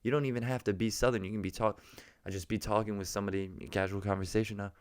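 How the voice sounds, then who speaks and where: A man's voice: fairly low pitch, fairly even intonation, quick pace, darkish tone, smooth, no echo, clean studio sound. A young man from New Jersey, rambling through a jokey story in a casual vlog, often restarting his sentences. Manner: rambling, jokey, self-interrupting. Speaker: vlogger.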